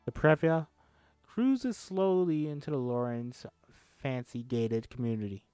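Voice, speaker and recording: A man's voice: mid-range voice, sing-song, normal speed, darkish tone, clean tone, no room sound, soft background music. A man hosting a comedy podcast, reading a screenplay aloud and breaking off into irreverent, swearing asides. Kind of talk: comedic script read-through.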